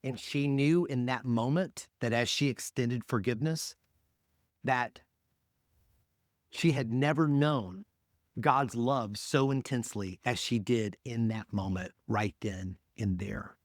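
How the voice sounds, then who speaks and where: A male pastor preaching a sermon in a conversational, emphatic way, swinging between loud peaks and hushed, quiet drops. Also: mid-range voice, slow pace, no room sound, clean studio sound.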